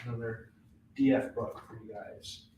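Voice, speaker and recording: Casual man pitching comics in echoey room. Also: fairly even intonation, normal speed, mellow, slight background noise. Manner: casual, rattles off items and prices, many fillers. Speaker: live shopping show host. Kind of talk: live comic sales pitch.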